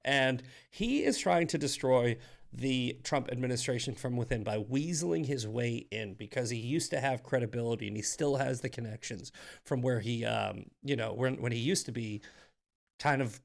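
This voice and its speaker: A man's voice: mid-range voice, normal speed, creaky. A man hosting a live political commentary stream, fired-up and profane, often restarting his sentences. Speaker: host.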